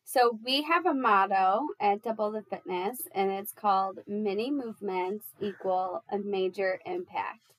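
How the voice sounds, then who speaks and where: A woman's voice: mid-range voice, measured pace, a bit bright, dry recording, low-quality recording. A young adult woman, a fitness coach guest, giving casual, encouraging advice with lots of fillers. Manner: rambling, filler-heavy, encouraging.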